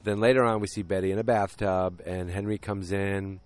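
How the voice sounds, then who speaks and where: A man casually recapping a TV episode with a deep voice and rambling, jokey asides. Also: steady tone, normal speed.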